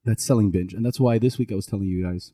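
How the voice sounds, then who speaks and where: A man's voice: lowish voice, fast, dark tone, no room sound, studio quality. A man co-hosting a podcast, chatting casually and rambling through stories with frequent self-corrections. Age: middle-aged. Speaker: podcast co-host. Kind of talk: casual chat.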